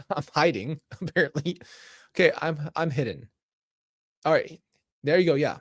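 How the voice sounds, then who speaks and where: A man's voice: a little high, animated, moderate pace, long pauses, dry recording. A man streaming himself as he reads an interactive story aloud, breaking off with exasperated, laughing asides on a close mic.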